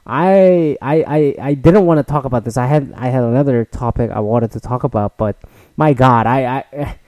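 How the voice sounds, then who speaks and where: A man's voice: medium pitch, warm tone, no room sound. A man in his thirties, a podcast host, delivering a rambling, profane, exasperated solo rant.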